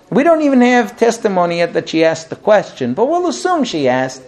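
A man teaching a text-study class, who reads verses aloud, then translates and explains them with animated asides. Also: high voice, a little fast, few pauses. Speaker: Torah teacher.

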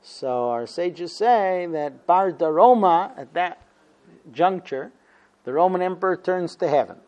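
A man with a fairly high but mellow voice tells a story to his class. He acts out the quotes with energy and pauses often on fillers. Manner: animated storyteller, acting out quotes, many fillers. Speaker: teacher of a Talmud class. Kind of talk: storytelling lesson.

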